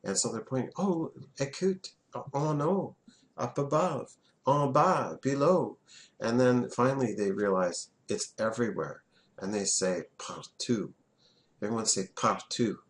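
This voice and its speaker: A man's voice: mid-range voice, lively intonation, unhurried. A man, teaching a French class in a classroom and having students repeat words back.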